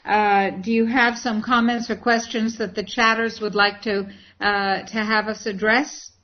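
A woman's voice: medium pitch, flat delivery. A woman hosting an online program, choosing her words with care and reacting eagerly to what others say. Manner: measured, elaborate wording with eager reactions. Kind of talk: casual online panel talk. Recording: slightly muffled online audio.

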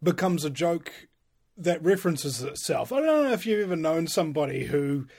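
A man chatting casually in a relaxed, slangy way, chuckling as he talks. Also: a little high, normal speed, gravelly. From New Zealand. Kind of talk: casual conversation.

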